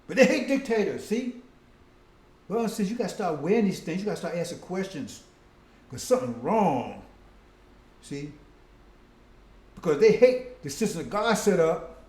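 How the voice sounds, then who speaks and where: A man's voice: high voice, big pitch swings, moderate pace, pauses often, a little mellow, echoey room. A man preaching a casual, conversational sermon, often breaking in with "see?" and "right?".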